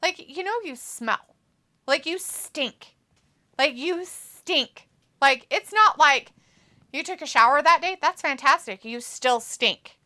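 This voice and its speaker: A woman with a nasal, cackly voice chats casually on a live stream. Her pitch sits on the high side and swings widely. Her tone is bright, and she teases and swears freely. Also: lively intonation, slow pace. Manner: laughs often, swears casually, teasing. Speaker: live-stream co-host reading chat. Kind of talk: casual watch-along chat.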